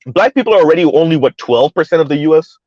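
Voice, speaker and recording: A man's voice: a little high, expressive, fast talker, darkish tone, no echo, muffled recording. A man giving heated, mocking commentary in a ranting style, his voice jumping up sharply for emphasis. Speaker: online commentator.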